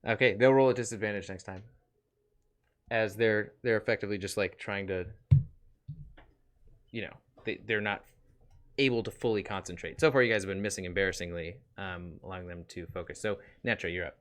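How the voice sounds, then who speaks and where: A man runs a tabletop role-playing session with a bright, forward voice. He talks loosely, jokes and laughs often. His swearing comes out casually. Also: lowish voice, steady tone, a little fast, long pauses. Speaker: game master. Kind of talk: running a tabletop game, casual.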